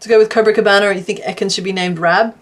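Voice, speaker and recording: A woman chatting casually to her stream from home while she crochets, laughing often and counting stitches out loud. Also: mid-range voice, fairly even intonation, quick pace. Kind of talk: casual livestream chat.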